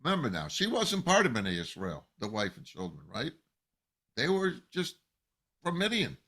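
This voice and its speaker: Animated rabbi, bright lively voice. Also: male voice, mid-range voice, moderate pace, breathy edge. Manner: animated storytelling, acting out quoted voices. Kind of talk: Torah lesson.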